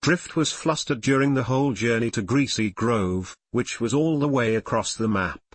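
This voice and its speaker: A man reading fan fiction aloud as a story narrator in an animated storytelling manner. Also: medium pitch, moderate pace, dry recording. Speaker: reader.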